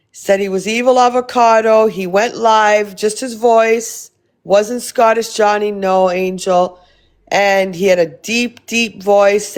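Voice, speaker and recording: A woman live-streaming, chatting casually with her viewers and reading their comments, blunt and rambling, swearing freely. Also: medium pitch.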